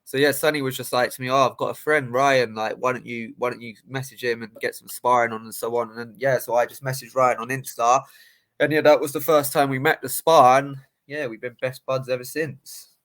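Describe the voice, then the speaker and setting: A man co-hosting a podcast, talking in a relaxed, easygoing way. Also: mid-range voice, a little fast. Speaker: podcast co-host and boxer. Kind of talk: casual chat.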